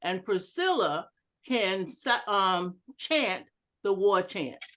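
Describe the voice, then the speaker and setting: At a slow pace and medium pitch, a woman gives an educational talk by video call to a club. The online presentation includes audience exercises, and she animatedly, playfully acts out one sentence with differing inflections.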